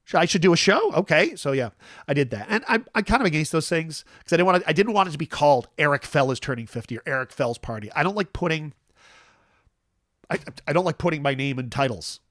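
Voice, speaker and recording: A man's voice: a little high, fairly bright tone, no echo, studio quality. A man about to turn fifty hosts a casual live-stream chat alone, rambling and self-deprecating, with many restarts and fillers. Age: 40s. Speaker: host.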